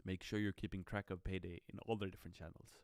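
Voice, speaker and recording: A man's voice: deep voice, level tone, fast talker, a little mellow, no room sound, clean studio sound. A tired, yawning man chatting upbeat on a live stream as a game community manager, reading viewer comments aloud. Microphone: streaming mic.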